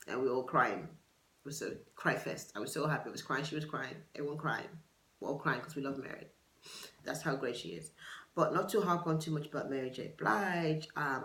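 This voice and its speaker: A woman's voice: very deep voice, normal speed, fairly bright tone. Chatty woman in an echoey room. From United Kingdom. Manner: chatty, digressive, gossipy, with dramatic asides. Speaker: podcast host. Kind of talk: casual solo podcast chat. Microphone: camera for a video podcast.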